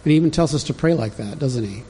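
A man's voice: medium pitch, animated, fast, dark tone, slight background noise. A man preaching a sermon as pastor, in a conversational teaching manner that speaks directly to the congregation.

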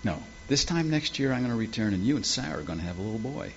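A man's voice: medium pitch, big pitch swings, fast talker, gravelly, slight background noise. A man voicing God in a sermon, wry and matter-of-fact. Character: God, a wry, patient divine voice. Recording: dull lo-fi with faint ambience.

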